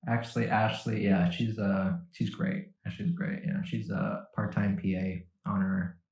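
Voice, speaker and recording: A man's voice: on the low side, fairly even intonation, measured pace, gravelly, darkish tone, highs cut off. A man co-hosting a casual comedy podcast, telling rambling stories with laughs and acted-out dialogue. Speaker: podcast co-host. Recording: very echoey room, far from the mic.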